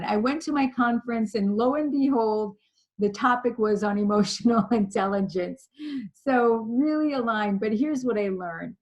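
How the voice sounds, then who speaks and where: A woman leadership trainer giving a slide presentation, telling a personal story in a chatty, animated way. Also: on the high side, lo-fi sound.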